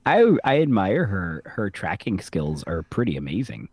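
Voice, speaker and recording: Lowish voice dude joking around on a podcast, dry close sound. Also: male voice, big pitch swings, a little mellow, husky, dry recording. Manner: playful, quick to laugh and joke along. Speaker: podcast co-host. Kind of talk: casual chat.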